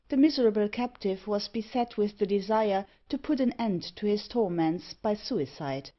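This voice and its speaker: A woman narrating a gothic novel audiobook in a steady, even storytelling manner. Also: mid-range voice, dull audio.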